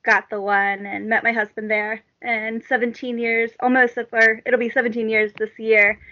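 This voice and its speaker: A woman calmly telling a personal story as a guest on a radio panel. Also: on the high side, moderate pace, lo-fi sound. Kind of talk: casual radio chat.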